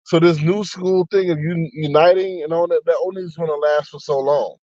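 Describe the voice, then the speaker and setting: A man's voice: on the high side, fairly even intonation, a little fast, darkish tone, no echo, lo-fi sound. Chatty man hosting a live stream. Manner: chatty, reads comments aloud, frequent laughs and asides. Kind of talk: casual live-stream chat.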